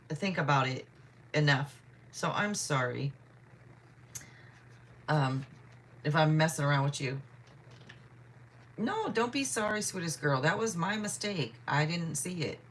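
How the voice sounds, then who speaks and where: A woman with a low, slightly bright voice hosts a tarot livestream, with a faint hiss or hum in the audio. She chats casually as she reads viewer questions, greeting people by name and apologizing often.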